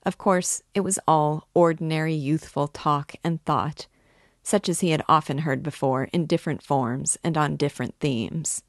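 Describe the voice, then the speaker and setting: Low-voiced woman reading a novel aloud. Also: moderate pace, dry recording, studio quality. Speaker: literature teacher reading aloud.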